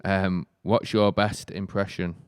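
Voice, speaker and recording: A man with an English accent, co-hosting a podcast in sweary casual banter, laughing a lot and slipping into quick mimicked voices. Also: low-pitched, flat delivery, clean tone, no echo, clean studio sound. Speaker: podcast co-host.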